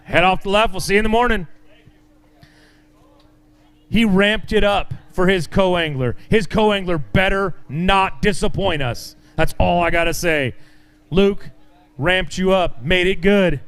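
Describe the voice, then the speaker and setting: A man's voice: high-pitched, unhurried, a bit bright, clean tone. A man emceeing a fishing tournament weigh-in, announcing weights in an upbeat way and joking with the anglers.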